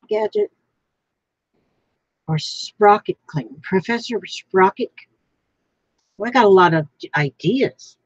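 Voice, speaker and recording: A woman's voice: medium pitch, no echo, highs cut off. A woman vlogging while she crafts, thinking aloud in a rambling way, trying out names and chatting to the piece she is making.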